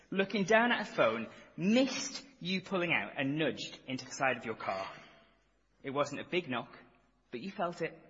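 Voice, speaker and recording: A man's voice: fairly high pitch, sharp tone, husky. A man preaching a sermon, telling a vivid, dramatic second-person story and then reading scripture aloud. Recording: echoey hall, dull lo-fi sound.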